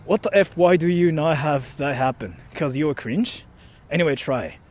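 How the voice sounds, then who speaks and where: Young man, high voice, animated livestream chatter, rambling with fillers. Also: normal speed. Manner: animated, rambling, swears mildly, many fillers. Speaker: livestream host reading donations. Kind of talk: casual livestream chat.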